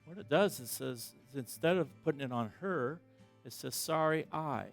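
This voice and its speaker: A middle-aged man giving a sermon as a pastor, talking in a conversational, self-deprecating way that swings between loud emphasis and quiet asides. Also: medium pitch, animated, moderate pace, gravelly, faint music behind. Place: church sanctuary.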